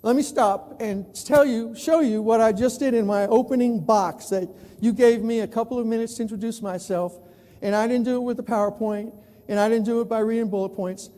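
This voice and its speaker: New york guy in his 60s telling stories on stage, high mellow voice, big echoey hall. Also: a little fast. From New York City. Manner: animated, acts out other people's voices. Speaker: keynote speaker, newspaper columnist. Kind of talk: storytelling conference talk. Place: large conference hall. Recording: echoey hall with long reverb.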